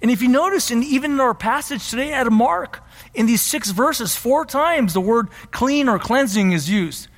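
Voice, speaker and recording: A man's voice: very high-pitched, animated, normal speed, fairly bright tone, big-room sound. A man preaching a sermon as pastor, emphatic and repeating his key phrases.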